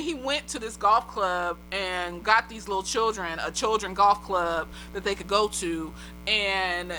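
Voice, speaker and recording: A woman's voice: medium pitch, sharp tone, poor audio. A slightly tipsy woman recapping a TV episode in a rambling, casual way, swearing freely and laughing often. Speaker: TV episode reviewer.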